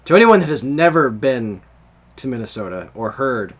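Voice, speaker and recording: A man's voice: mid-range voice, big pitch swings, normal speed. A young man from the United States hosting a podcast, rambling in casual chat and laughing often. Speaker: podcast host.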